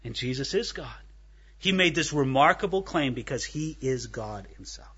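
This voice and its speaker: A man's voice: mid-range voice, animated, normal speed, a bit bright, slightly rough, dull audio. A man preaching a verse-by-verse sermon, telling stories and asking his listeners rhetorical questions. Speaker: pastor. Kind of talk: expository sermon.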